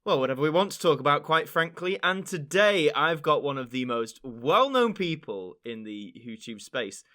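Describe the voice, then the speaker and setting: A man's voice: fairly high pitch, lively intonation, moderate pace, hardly any pauses, pushed and bright. A man hosting a podcast, chatting casually with a guest and laughing often. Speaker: podcast host. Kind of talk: casual interview chat.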